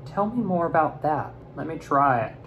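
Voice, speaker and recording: A young man chatting playfully while opening fan mail, swinging from mumbles to high squeals. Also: very animated, moderate pace, gravelly, muffled recording, over music. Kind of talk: casual unboxing chat.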